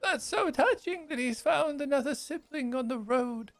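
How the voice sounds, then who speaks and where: A high, gravelly old father gushes over his long-lost son, put on by a man running the game. He chuckles between lines, and his pitch swings widely. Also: lively intonation, moderate pace, no room sound, faint music behind. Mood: doting. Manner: gushing, chuckling often. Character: effusive elderly father, doting shopkeeper. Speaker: game master.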